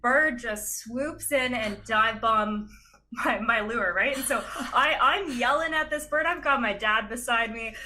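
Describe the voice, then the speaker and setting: A young woman, a podcast guest, telling a story in an animated, chatty way with lots of laughs and fillers. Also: fairly high pitch, measured pace, a little hiss or hum. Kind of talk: casual storytelling in a chat.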